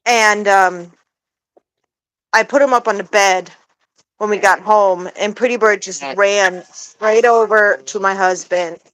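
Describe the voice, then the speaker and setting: Woman vlogger, casual rambling talk with fillers, average pitch, outdoors. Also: steady tone, unhurried, pauses often, a bit bright, low-quality recording. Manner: rambling, filler-heavy, coos at her pet in a high baby voice. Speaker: pet goose owner vlogger. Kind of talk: casual chat to camera. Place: backyard outdoors.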